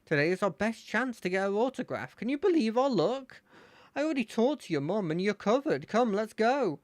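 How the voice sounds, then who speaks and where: A streamer voicing an excitable, eager young male rival in a video game, gushing and breathless. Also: mid-range voice, moderate pace, dry recording, pitched above the performer's own voice, lightly acted.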